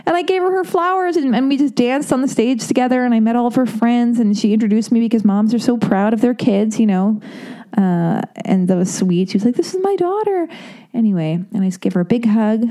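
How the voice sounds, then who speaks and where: A woman's voice: mid-range voice, warm tone. Chatty, swearing woman podcast host. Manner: chatty, profane, lots of fillers and asides. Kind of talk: casual storytelling monologue.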